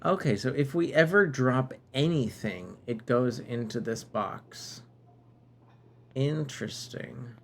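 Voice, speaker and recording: A man's voice: medium pitch, takes it slowly, slight background noise. A man streaming a game live, musing aloud and bantering playfully with viewers.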